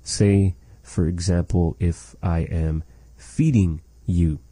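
Slow, dark-voiced male language teacher. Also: deep voice, fairly even intonation, no room sound. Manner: repeats phrases slowly and explains them carefully. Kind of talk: slow, patient language lesson.

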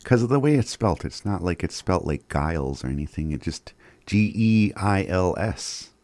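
A man's voice: low voice, expressive, normal speed, a little mellow, no echo. A man hosting community radio, reading daily announcements in an easygoing way, chuckling and stumbling over words now and then. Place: radio studio.

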